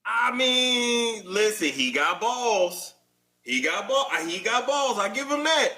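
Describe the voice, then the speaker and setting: A man in a played online clip, giving wry, animated commentary. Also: extremely high pitch, slow.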